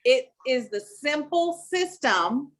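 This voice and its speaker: High-voiced woman hosting a live stream. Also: animated, slow, a bit bright. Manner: enthusiastic, asks the audience questions. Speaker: host.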